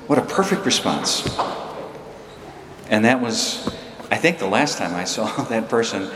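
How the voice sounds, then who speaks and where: A man's voice: lowish voice, lively intonation, unhurried, long pauses. A man in his sixties preaching a sermon, telling a personal story with emphatic, fervent peaks. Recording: echoey hall with room noise.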